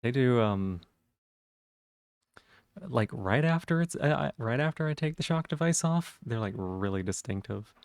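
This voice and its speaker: A man's voice: medium pitch, animated, a little slow, darkish tone, no room sound, clean studio sound. A man chatting casually on a live stream, rambling with lots of fillers and restarts.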